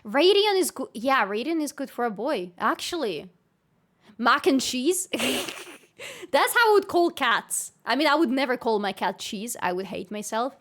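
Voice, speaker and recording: High-voiced woman streamer. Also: animated, measured pace, a bit bright. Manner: playful, bursts into squealing laughs. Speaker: livestreamer. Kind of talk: casual chat with live viewers.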